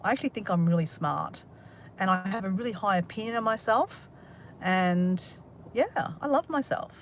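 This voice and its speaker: A woman's voice: medium pitch, lively intonation, moderate pace, slight background noise. An Australian woman chatting casually on a livestream, rambling and joking with a sarcastic, self-mocking humour as she reads out viewer comments. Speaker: livestream host. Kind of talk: casual live chat reading comments.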